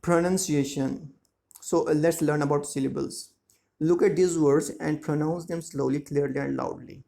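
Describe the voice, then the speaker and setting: A man teaching a school lesson, explaining words slowly and checking that students follow. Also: fairly high pitch, steady tone, creaky, mellow. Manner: slow, repetitive explaining with frequent check-ins. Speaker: English teacher. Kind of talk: classroom lesson explaining grammar and syllables.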